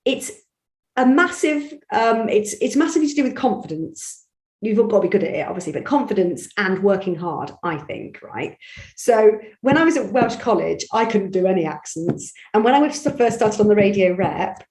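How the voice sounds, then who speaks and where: A woman from Bristol with a Bristol accent, an audiobook narrator chatting animatedly in an interview, telling stories with quick restarts. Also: medium pitch, very animated, a little mellow, roomy sound. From England. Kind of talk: conversational interview.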